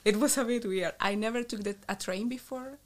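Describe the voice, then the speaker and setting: A woman in her thirties from Colombia, speaking English with a Colombian Spanish accent, telling stories in a lively, laughing way as an interview guest. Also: fairly high pitch, a little fast, faint music behind. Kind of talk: casual interview chat.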